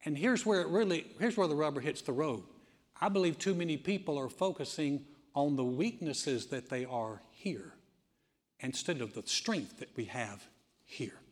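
A man preaching a lively sermon in a church, his fairly high voice ringing out with a long hall reverb. He talks straight to the congregation, acts out the people he quotes and throws in asides. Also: moderate pace. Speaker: pastor. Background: congregation responding.

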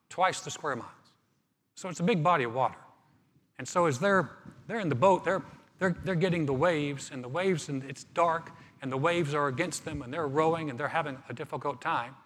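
A man preaching a sermon as pastor, reading scripture and then explaining it in a relaxed, conversational way with touches of humor. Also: on the high side, in a large hall, slight background noise.

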